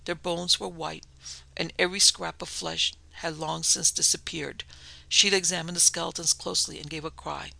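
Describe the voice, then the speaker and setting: Male audiobook narrator, steady; slightly high, dry sound. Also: moderate pace, gravelly, no echo, poor audio. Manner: steady, plain reading.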